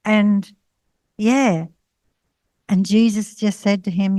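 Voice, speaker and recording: A middle-aged woman, sharing a personal testimony at a panel discussion in a halting way, with many fillers and restarts. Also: mid-range voice, steady tone, mellow, no room sound. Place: college panel session.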